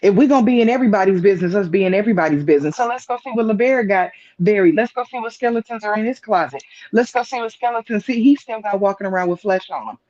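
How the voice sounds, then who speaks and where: Emphatic high-voiced man ranting. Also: animated, rapid-fire, hardly any pauses, darkish tone, dry recording. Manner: emphatic, repeats rhetorical questions. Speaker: guest on live stream. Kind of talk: casual opinion talk. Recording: dull lo-fi stream audio.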